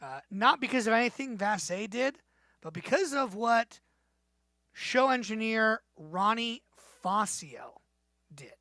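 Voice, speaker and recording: Guy reading a highlights recap, bright voice, dry and matter-of-fact. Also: expressive, slow, no room sound. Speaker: recap host. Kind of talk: scripted recap narration.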